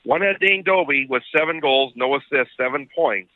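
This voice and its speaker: A male sports show co-host with a mid-range voice, recapping results in a relaxed, matter-of-fact way. His voice comes through a narrow, phone-like line. The sound is dry. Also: medium pitch, normal speed, no room sound. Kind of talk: casual sports radio chat.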